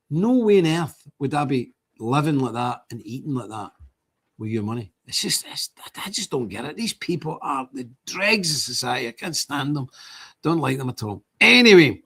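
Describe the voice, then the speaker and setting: A man's voice: a little high, breathy edge. An older man, hosting a livestream and talking to his viewers in an indignant, rambling way, repeating himself as he goes. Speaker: livestream host.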